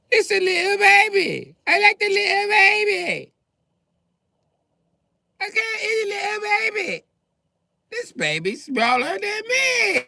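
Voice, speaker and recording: A man voicing an excited five-year-old British girl who squeals and keeps repeating herself. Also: extremely high pitch, vocal fry, no echo, studio quality, voice pushed up, heavily acted. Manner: squealing, repeats itself over and over.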